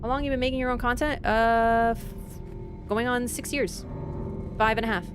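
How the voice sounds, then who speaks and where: Brisk and steady in tone, a woman with a fairly high voice livestreams a game and talks directly to chat. She offers opinionated commentary, reads viewer messages, and lets out abrupt loud yelps at the action, backed by game music.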